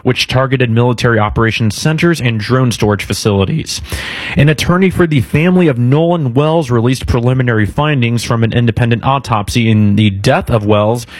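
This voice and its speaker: Male radio newsreader, crisp and dry. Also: medium pitch, dry recording. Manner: brisk, scripted. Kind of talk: radio news bulletin.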